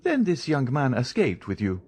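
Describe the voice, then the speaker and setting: Guy reading a stern fake priest, commanding and probing, husky, swings around a lot. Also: mid-range voice, wildly swooping pitch, moderate pace, a little mellow, voice pushed up. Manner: commanding, interrogating. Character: stern disguised count posing as a priest. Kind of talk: audiobook character reading.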